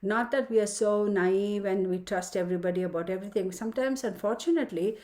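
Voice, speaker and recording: A woman at a mid-range pitch gives a loose, conversational weekly horoscope. She talks frankly and plainly, in a chatty way, and often acts out quick exchanges with imagined people. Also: a little mellow. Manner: chatty, frank, slips into mock dialogues. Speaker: astrologer giving weekly sign readings. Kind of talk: casual chatty astrology forecast.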